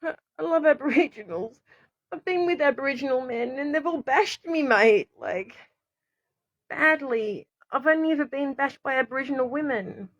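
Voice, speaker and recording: A woman's voice: sits high, animated, normal speed, no room sound. A woman talks in an emotional, rambling monologue to camera and keeps breaking off to apologize. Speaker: vlogger. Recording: dull lo-fi recording.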